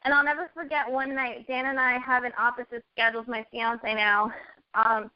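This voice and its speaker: High-voiced woman telling her story earnestly. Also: flat delivery, moderate pace. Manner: earnest storytelling, quotes herself. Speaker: network marketing guest. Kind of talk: casual chat. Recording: dull lo-fi audio.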